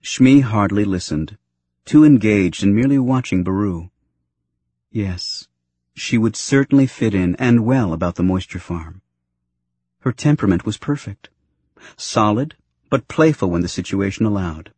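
A man narrating a novel aloud in an expressive storytelling way. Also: lowish voice, a little slow, slightly rough, no room sound. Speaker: audiobook narrator. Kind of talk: scripted narration.

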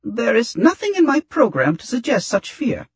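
A man voicing a fussy, nervous male protocol droid that speaks in a prim, squeaky, uneven voice. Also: sing-song, moderate pace, husky, no room sound, full character voice. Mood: shaky.

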